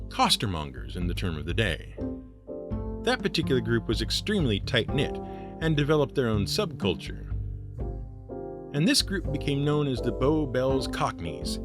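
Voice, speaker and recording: A man hosting a podcast segment, reading a scripted narration with wry, sardonic asides. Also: medium pitch. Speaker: host. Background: music.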